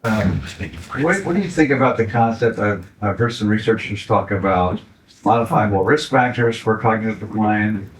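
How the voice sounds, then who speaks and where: A man with a fairly low voice asks a question from the audience. He sounds curious and pauses slightly as he phrases it. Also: poor audio. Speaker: audience member asking a question. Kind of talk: question from the floor.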